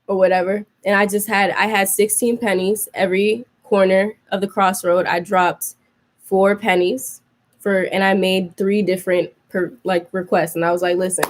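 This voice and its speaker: A woman's voice: medium pitch, little pitch movement, normal speed. A young woman hosting a podcast, telling a story in casual chat, full of fillers and restarts, acting out her own reactions. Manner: rambling, many fillers and restarts. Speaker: podcast host.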